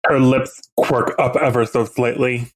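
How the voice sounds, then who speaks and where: A man's voice: mid-range voice, fairly even intonation, measured pace. A man playing a tabletop role-playing game, describing his character in a vivid, theatrical way. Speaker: player.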